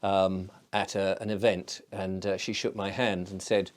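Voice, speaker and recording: A man's voice: low-pitched, level tone, a little slow. Chatty, rambling male vlogger. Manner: digressive storyteller, chatty with many fillers. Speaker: channel host. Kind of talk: casual rambling vlog chat.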